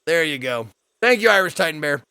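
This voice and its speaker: Bright, lively streamer. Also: male voice, on the high side, brisk, clean tone, no room sound. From United States. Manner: reads game text aloud, joking and swearing. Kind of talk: casual gameplay commentary.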